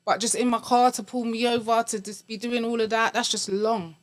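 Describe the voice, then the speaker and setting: A woman's voice: fairly high pitch, fairly even intonation, brisk. A woman with a London accent, a podcast guest chatting in a rambling, repetitive way. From England. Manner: chatty, rambling, repeats herself. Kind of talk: casual chat.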